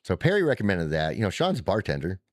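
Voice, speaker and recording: A man telling a rambling, animated, profane trip story in casual chat. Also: deep voice, fast, dry recording, clean studio sound.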